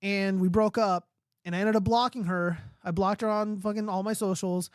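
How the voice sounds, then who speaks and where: A man's voice: sits high, steady tone, normal speed, clear, resonant tone, no room sound, studio quality. A man hosting a livestream, ranting casually and profanely while answering chat. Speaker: livestream host.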